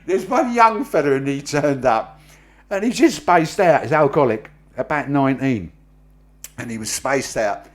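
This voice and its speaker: Rambling man with a lively voice. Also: mid-range voice. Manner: rambling, swearing, laughs often. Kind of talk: casual chat.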